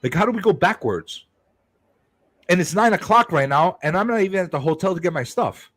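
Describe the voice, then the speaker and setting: A man's voice: high-pitched, lively intonation, fairly quick, a bit bright, no echo. A man hosting a live stream, telling an exasperated, profane story in casual chat.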